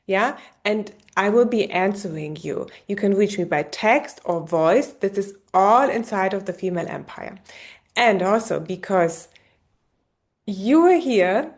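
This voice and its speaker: A woman with a German accent talks straight to the listener as a business coach wrapping up a masterclass. Her delivery is warm and encouraging, and she keeps checking in with a quick "yeah?" between points. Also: mid-range voice. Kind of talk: masterclass sales pitch.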